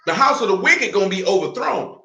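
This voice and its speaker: A man preaching a sermon in a fiery, confrontational street-talk style, slowing down and dropping lower when he reads scripture. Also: sing-song, gravelly, pushed and bright, reverberant, dull audio. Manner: slower, lower reading of scripture.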